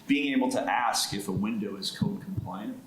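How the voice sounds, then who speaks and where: A male home builder on a casual panel, with a very low voice. He talks haltingly and repeats words as he finds his way. The sound is roomy and echoey, with a faint hum behind it.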